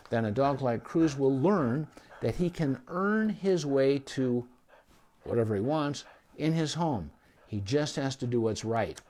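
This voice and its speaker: A middle-aged male veterinarian gives relaxed, practical advice on training a dog. His delivery is folksy and conversational, and he keeps checking in with listeners with a quick "okay?". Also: medium pitch. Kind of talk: casual instructional talk to camera.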